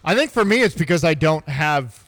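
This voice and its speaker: A man's voice: a little high, lively intonation, normal speed, fairly bright tone, no echo, long reverb tail. A man co-hosting a sports radio show, laid-back and a bit hesitant, often trailing off mid-thought. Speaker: radio co-host. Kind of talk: casual sports radio banter.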